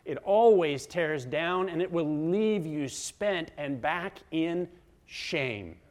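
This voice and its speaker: A middle-aged man preaches a sermon in a slightly raised register. He drives his points dramatically, leaning into loud emphasis and then sinking to near-whispers. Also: a little high, animated, slow pace. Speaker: pastor.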